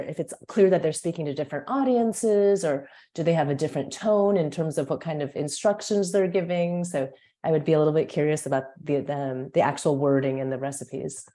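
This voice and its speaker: A woman's voice: deep voice, mellow. A woman asking a question over a video call, polite and hesitant, her voice sounding sick. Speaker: audience member asking a question.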